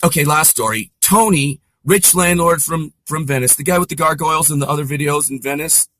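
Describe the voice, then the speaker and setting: A man's voice: fairly high pitch, brisk, dry recording. A man telling rambling personal stories in a casual monologue, full of asides. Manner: rambling, animated, lots of asides. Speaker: vlogger.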